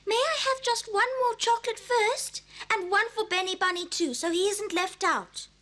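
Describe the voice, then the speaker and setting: A woman voicing a polite, curious young girl in an animated dub, eager and well-mannered. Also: very high-pitched, moderate pace. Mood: pleading. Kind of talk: animated series dub acting.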